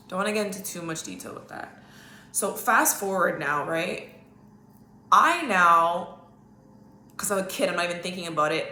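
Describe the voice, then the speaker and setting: A woman's voice: lowish voice, bright, forceful tone, a little hiss or hum. Candid woman podcaster in a roomy space. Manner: candid, rambling, emphatic with repeated "okay?". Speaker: podcast host. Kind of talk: casual storytelling monologue. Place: at home.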